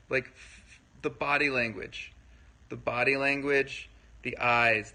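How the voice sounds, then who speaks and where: Speaking a little slowly at medium pitch, this livestream host has a bright, pushed delivery, captured on poor audio. He talks casually to his audience and responds to their comments. His style wanders, heavy on filler words, with constant check-ins.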